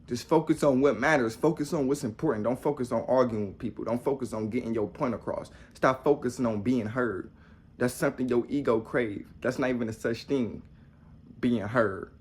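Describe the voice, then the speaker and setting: A man's voice: mid-range voice, moderate pace, darkish tone, husky. A young man giving a blunt, profane motivational talk to the viewer, hammering on repeated rhetorical questions. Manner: preachy, talks straight to the viewer. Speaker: motivational vlogger. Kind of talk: casual motivational monologue.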